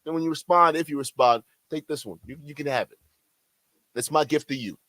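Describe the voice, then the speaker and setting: A man's voice: fairly high pitch, fairly quick, bright, forceful tone, no room sound. A man reacting to a clip with mocking, laughing, profane commentary. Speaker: commentary streamer.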